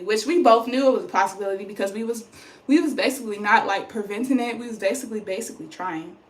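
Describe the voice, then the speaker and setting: A young woman chats rambling and animated into her phone, her voice at a middle pitch. She sounds tired. The room around her rings with a noticeable echo. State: pregnant, tired. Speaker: vlogger. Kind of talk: casual chat to camera. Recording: roomy echo.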